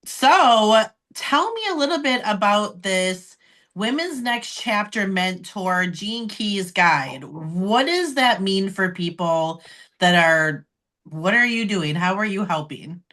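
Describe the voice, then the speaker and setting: Woman, podcast host, unhurried delivery, mid pitch, warmly affirming reactions. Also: lively intonation. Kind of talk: casual interview.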